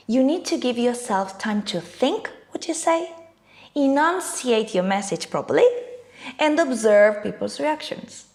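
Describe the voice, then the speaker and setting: A woman teaching an online English lesson in a clear, emphatic, scripted delivery. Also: a little high, darkish tone.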